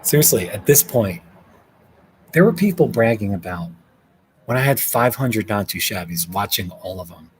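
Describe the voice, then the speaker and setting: A man's voice: lowish voice, lively intonation, normal speed, a little hiss or hum, low-quality recording. A man hosting a casual livestream from a hotel room, reading viewer comments, thanking people by name and laughing often. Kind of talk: casual live chat.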